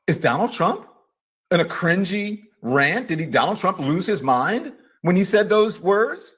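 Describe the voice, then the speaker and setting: A man's voice: high voice, sing-song, a little slow, a bit bright, breathy edge. A man giving a sarcastic monologue as a political commentator, piling up rhetorical questions. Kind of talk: ranting monologue to camera.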